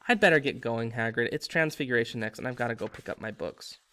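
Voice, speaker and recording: A man voicing an anxious schoolboy wizard in a storybook reading, quiet and subdued. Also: medium pitch, quick pace, lightly acted.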